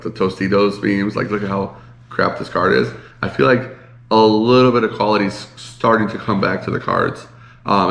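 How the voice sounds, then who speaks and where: Male podcast co-host, congested and nasal, low gravelly voice, rambling chat in an echoey room. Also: fairly bright tone. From Chicago area. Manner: rambling, many fillers. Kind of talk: casual chat.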